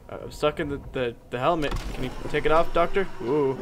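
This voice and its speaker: A young man commenting on a game he is playing, with loud, jokey, excitable reactions. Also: on the high side, a little fast, background noise. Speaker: gaming channel host. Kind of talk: let's play commentary.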